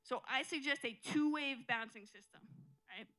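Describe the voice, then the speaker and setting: Female stand-up, dry and absurd, crisp bright tone. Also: sits high, moderate pace, poor audio. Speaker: stand-up comedian. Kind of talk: live stand-up comedy. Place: comedy club stage with audience.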